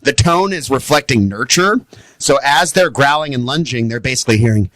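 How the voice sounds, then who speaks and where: A man talking as a dog trainer guest on a studio podcast, animated and explaining with acted-out examples. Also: a little fast, no room sound. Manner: animated, acts out high excited voices when quoting owners. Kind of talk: podcast interview.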